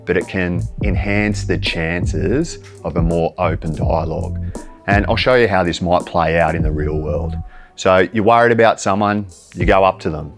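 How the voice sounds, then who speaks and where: Deep-voiced Australian man giving calm advice. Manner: plain-spoken, calm, instructive. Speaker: mental health presenter. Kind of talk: direct-to-camera advice talk.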